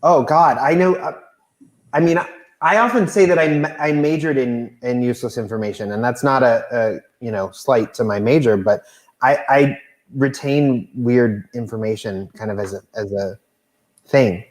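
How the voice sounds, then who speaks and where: A man's voice: mid-range voice, normal speed, reverberant. Self-deprecating man on a video call. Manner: rambling, self-deprecating, hesitant restarts. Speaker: talk show host. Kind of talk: casual chat. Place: home room, remote video call.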